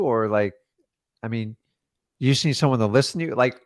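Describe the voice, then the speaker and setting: A man coaching a caller in a casual, blunt way, acting out phone calls with quick changes of voice. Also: fairly high pitch, animated, no echo, clean studio sound. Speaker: real estate investor coaching a caller.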